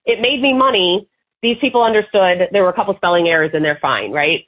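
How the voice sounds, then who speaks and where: A woman guest in an interview, telling marketing anecdotes in an animated, casual way and acting out the people in them. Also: on the low side, brisk. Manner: animated anecdotes with lively quoted voices. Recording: tinny phone-like line.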